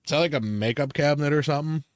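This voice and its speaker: A man's voice: a little high, very fast, no echo, studio quality. A man telling a long profane story in casual chat, acting out the people he quotes as he rants. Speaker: podcast co-host.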